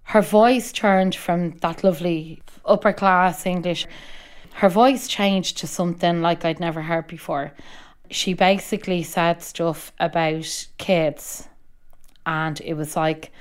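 A woman's voice: lowish voice, fairly even intonation, slow, smooth. A woman, speaking casually in an interview.

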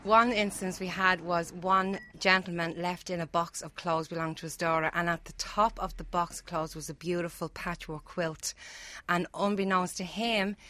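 A woman from Ireland who works at a charity shop, telling a story in an earnest, halting way. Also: lowish voice, steady tone, sharp tone, a little hiss or hum. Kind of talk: casual storytelling.

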